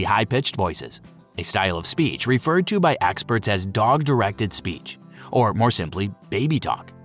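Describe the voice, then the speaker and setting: A man narrates in a playful, lively explainer voice. His pitch moves all over the place as he talks. Faint music plays underneath. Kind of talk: scripted narration.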